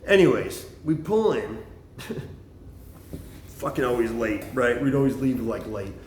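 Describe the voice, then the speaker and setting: With a medium pitch, lively intonation and an unhurried pace, a middle-aged man meanders through a foul-mouthed story, wandering onto tangents. The phone recording picks up an echoey room and slight background noise.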